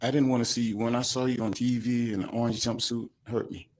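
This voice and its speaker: A man, crying as he gives an emotional, halting victim statement at a courtroom podium microphone. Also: mid-range voice, flat delivery, darkish tone. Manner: emotional, halting, breaks off mid-sentence.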